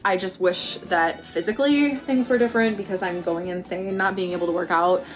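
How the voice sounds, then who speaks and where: A pregnant young woman vlogging, telling a story casually and acting out quotes with big jumps in pitch. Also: brisk, soft background music.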